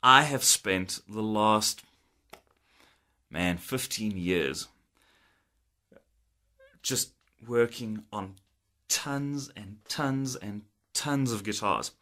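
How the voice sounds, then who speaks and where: Chatty man with a bright voice. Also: lowish voice, very slow, pauses often. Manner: chatty, laughs often, acts out old conversations. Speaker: guitar technician. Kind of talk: casual storytelling to camera.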